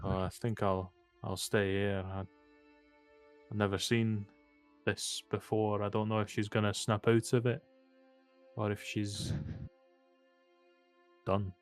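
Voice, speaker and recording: A man's voice: on the low side, flat delivery, slow pace, long pauses, soft background music. A man voicing a frightened, exhausted townsman who is on edge, pleading and raising his voice. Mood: worried. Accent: Scottish-ish put-on.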